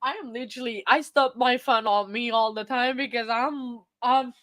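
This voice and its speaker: A woman hosting a casual livestream, tearful and laughing as she thanks her viewers, halting and repeating herself. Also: fairly high pitch, fairly even intonation, fairly bright tone, no room sound. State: crying. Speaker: livestream host.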